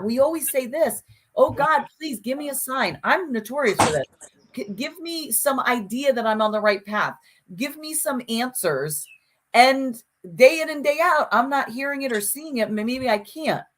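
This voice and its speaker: A woman co-hosting a casual conversation podcast, telling stories with lots of restarts and acted-out quotes. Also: fairly high pitch. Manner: animated storyteller, frequent restarts and acted-out quotes. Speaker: podcast co-host.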